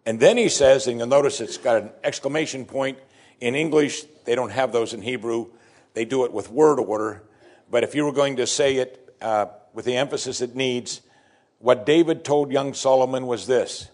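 A man preaches a sermon as pastor in a mid-range, slightly mellow voice with lively intonation and a moderate pace. He's emphatic, repeating key phrases with strong stress.

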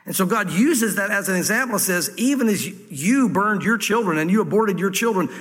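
A man's voice: high voice, lively intonation, fairly quick, a bit bright, long reverb tail. A man with a Southern American accent preaching a verse-by-verse sermon to a congregation, reading scripture and then explaining it with folksy asides. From Southwest Virginia, US. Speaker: pastor. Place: church room with audience.

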